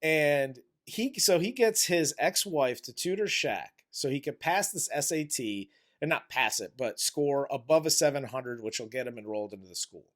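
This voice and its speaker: Animated man with a lively voice. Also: medium pitch, moderate pace, hardly any pauses. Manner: animated, swearing, acts out movie scenes. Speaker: movie review podcast co-host. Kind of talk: casual chat.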